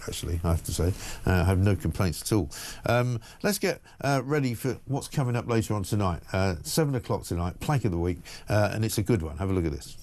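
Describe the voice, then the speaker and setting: A man hosting talk radio, brisk and combative, arguing with guests. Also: deep voice, darkish tone, a little hiss or hum. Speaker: breakfast radio host.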